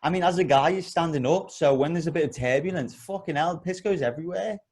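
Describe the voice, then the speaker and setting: A man co-hosting a podcast, telling an animated, sweary story in casual chat. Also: on the high side, quick pace. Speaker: podcast co-host.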